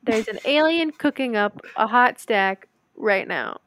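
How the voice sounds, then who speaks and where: Giggly young Midwestern woman, higher voice. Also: a little slow, a little hiss or hum. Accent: Midwestern American. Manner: giggly, animated storytelling. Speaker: podcast co-host. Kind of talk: casual chat.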